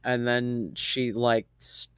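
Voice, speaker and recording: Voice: mid-range voice, little pitch movement, takes it slowly, a bit bright, smooth, no room sound. An adult in their thirties casually telling a personal story, rambling with lots of ums and asides and swearing freely.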